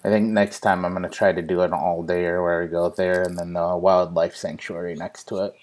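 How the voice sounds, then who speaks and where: A man's voice: deep voice, level tone, brisk, a little mellow. A young man hosting a casual live show, telling a funny family story with plenty of swearing and laughter. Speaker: host.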